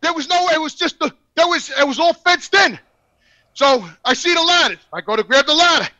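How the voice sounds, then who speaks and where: A middle-aged man telling a profane story, animated and swearing constantly. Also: extremely high pitch, brisk, muffled recording. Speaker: podcast guest telling a story. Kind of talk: profane storytelling, casual chat.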